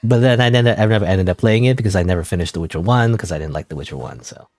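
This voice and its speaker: A streamer with a low, somewhat mellow voice talks rapid-fire during a casual gaming livestream. He rambles, questions himself, and keeps dropping in fillers and laughs.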